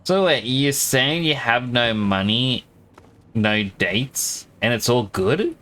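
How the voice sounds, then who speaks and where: A man's voice: medium pitch, slow pace, pushed and bright. A man with an Australian accent giving casual, joking commentary while streaming a game. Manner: chatty, joking, thinks aloud.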